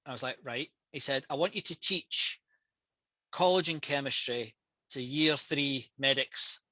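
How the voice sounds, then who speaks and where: A Scottish man who works as a public speaker and trainer tells stories casually, with passion and energy, over a video call headset. His voice is fairly high, and the rough recording has no room sound.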